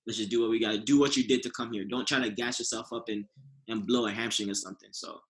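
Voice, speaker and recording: Sprinter guy as a guest, crisp bright voice, laid back, lots of likes and ums. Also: lowish voice, quick pace, rough recording. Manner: relaxed, filler-heavy recounting. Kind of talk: casual conversation.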